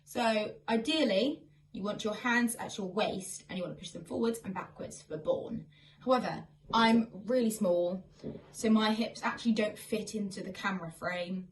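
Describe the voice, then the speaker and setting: A woman's voice: medium pitch, moderate pace, recorded from a distance, a little hiss or hum, low-quality recording. A woman teaching a song with signs, explaining each sign step by step in a friendly way while filming herself on a phone at home. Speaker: singing and signing teacher. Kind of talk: online sign-and-sing lesson. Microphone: phone camera.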